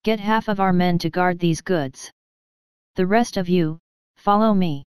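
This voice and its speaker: A woman's voice: on the low side, measured pace, clean tone, no echo, close to an everyday voice. A woman voicing a greedy, bloodthirsty male bandit leader in an audiobook, menacing and commanding.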